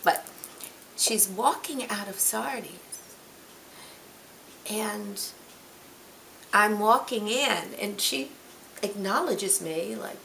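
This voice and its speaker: A bright, clear-toned older woman, a stage actress in her sixties, spinning a backstage story. She talks in an animated way and slips into the voices of the people she quotes. Her pitch sits in the middle for a woman, and there is a faint hum of noise behind her. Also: extremely slow, long pauses. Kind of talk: anecdotal storytelling.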